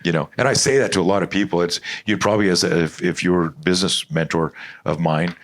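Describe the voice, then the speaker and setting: Casual convo guest, middle-aged guy, really low voice, tells stories fast and messy. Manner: animated, rambling storyteller with frequent restarts and profanity. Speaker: self-defense expert guest. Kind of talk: storytelling interview talk.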